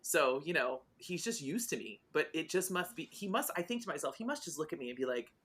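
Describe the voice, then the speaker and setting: A bright, quick-talking woman in her forties, chatting as a podcast guest. Her pitch leaps around as she acts out every line of her stories, and she swears without a second thought. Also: husky. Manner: animated storyteller, acts out dialogue, swears freely. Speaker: guest author. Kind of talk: casual podcast chat.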